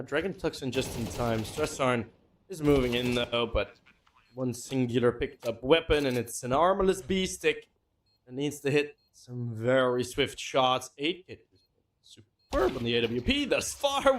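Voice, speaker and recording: A man doing lively, joking play-by-play commentary on an esports match. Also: fairly high pitch. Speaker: esports caster.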